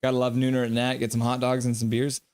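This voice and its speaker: A man's voice: medium pitch, monotone, quick pace, a little mellow, clean tone. A man hosting a live stream, playfully reading viewer comments aloud and answering them. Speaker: livestream host.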